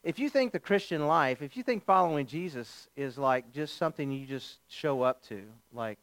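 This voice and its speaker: High-voiced animated male preacher. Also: normal speed, hardly any pauses, no room sound. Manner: animated, joking storyteller. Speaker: pastor. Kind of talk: sermon with humorous storytelling.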